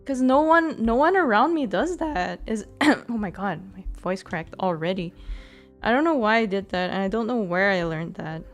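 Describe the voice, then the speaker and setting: A woman's voice: medium pitch, expressive, moderate pace, soft background music. Giggly rambling woman streamer. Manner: rambling, giggly, full of fillers. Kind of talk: casual chat.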